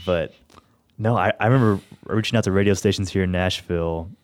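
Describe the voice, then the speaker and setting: A man's voice: low voice, a little fast. A young man from Tennessee, hosting a radio show in casual, rambling chat and laughing easily. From Tennessee, USA.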